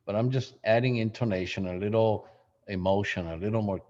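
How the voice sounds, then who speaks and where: Relaxed man coaching phone scripts, lo-fi. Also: fairly low pitch, a little fast. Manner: relaxed, conversational, many fillers and restarts. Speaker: real estate trainer.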